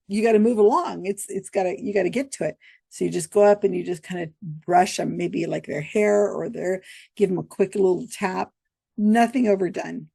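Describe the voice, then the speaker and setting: American woman, chatty host, rambling storytelling, gravelly, dry close sound. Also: medium pitch, a little mellow, dry recording. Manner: chatty and rambling, laughs often. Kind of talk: casual storytelling to camera.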